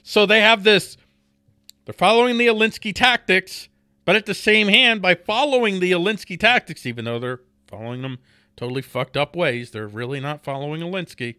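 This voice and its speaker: Heated, swearing man with a bright voice. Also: high voice, lively intonation, a little fast, smooth, no echo. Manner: heated, swearing, repeats words, laughs between points. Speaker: podcast host. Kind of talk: profane political rant.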